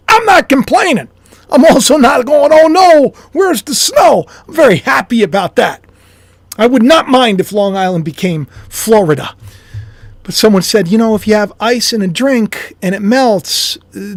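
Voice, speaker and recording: High-voiced man musing on camera. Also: no room sound. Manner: rambling, self-deprecating, chuckling. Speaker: YouTuber and author. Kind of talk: casual speculative monologue.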